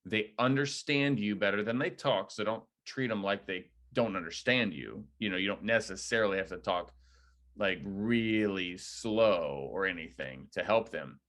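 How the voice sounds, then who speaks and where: Low-voiced man coaching agents. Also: normal speed. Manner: coaching, direct, energetic, uses analogies. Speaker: real estate team leader training agents. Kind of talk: training debrief talk.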